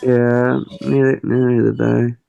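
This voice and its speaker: A man's voice: mid-range voice, flat delivery, slow, vocal fry, mellow, highs cut off, faint music behind. A young man co-hosting a casual podcast, talking hesitantly with many fillers. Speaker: podcast co-host. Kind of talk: casual chat.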